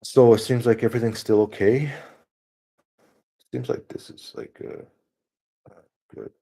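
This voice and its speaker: A man's voice: mid-range voice, fairly even intonation, a little slow, vocal fry, dark tone, husky. A man rambling through a casual screen-share walkthrough, thinking aloud with many fillers and restarts. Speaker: solo streamer.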